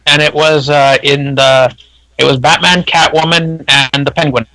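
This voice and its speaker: A man co-hosting a casual chat, easygoing and quick to agree and add facts. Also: a little high, fairly even intonation, pushed and bright, poor audio.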